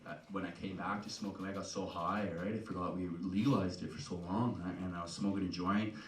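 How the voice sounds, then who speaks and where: A man's voice: deep voice, steady tone, fast. A man from Canada doing a profane, rambling stand-up set, tagging his lines with "right?" and "you know?". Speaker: stand-up comedian. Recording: echoey live room, mic heard from a distance, loud noise. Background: loud audience laughter.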